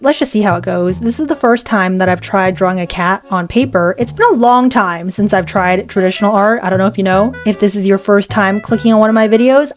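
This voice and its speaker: A young woman chatting casually while she draws, rambling and joking at her own expense, her words a little muffled by a retainer. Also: fairly high pitch. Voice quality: slight retainer-muffled speech. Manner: chatty, self-deprecating, rambling. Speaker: art vlogger. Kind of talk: casual drawing vlog commentary.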